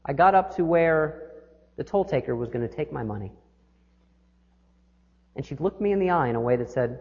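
A man giving a sermon as minister, telling stories and shifting between quick and slow delivery. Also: on the high side, expressive, darkish tone. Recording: echoey hall, dull lo-fi sound.

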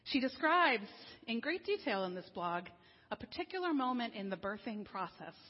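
A woman minister giving a sermon in a conversational, wry way, slowing down for serious points. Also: fairly high pitch, big pitch swings. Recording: dull lo-fi sound with long hall reverb.

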